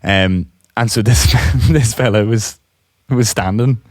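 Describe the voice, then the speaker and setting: A young man co-hosting a podcast, telling a story in casual chat, animated and laughing often. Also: fairly low pitch, takes it slowly, no room sound, studio quality. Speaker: podcast co-host.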